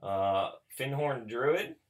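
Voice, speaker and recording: A man hosting a card pack opening, talking casually and mocking himself, who breaks into excited shouting. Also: medium pitch, drawn-out words. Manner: chatty and self-mocking, bursts into excited shouting. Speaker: host opening card packs for viewers.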